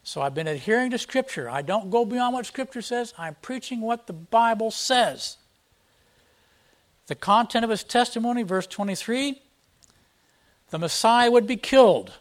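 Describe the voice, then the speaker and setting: Male pastor, higher-pitched voice, emphatic expository preaching. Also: normal speed. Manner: emphatic, reads scripture aloud with rising force; plain explanatory teaching tone. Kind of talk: expository sermon.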